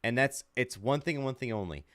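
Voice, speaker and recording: A man's voice: medium pitch, expressive, a little fast, fairly bright tone, dry recording, clean studio sound. A man hosting a casual sports podcast, ranting heatedly and swearing a lot. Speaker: podcast host.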